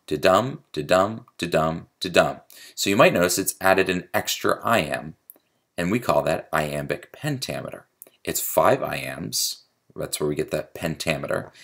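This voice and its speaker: A man's voice: deep voice, creaky, a bit bright. A man giving a creative writing lecture, explaining poetry step by step and tapping out the meter aloud. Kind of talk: recorded video lecture.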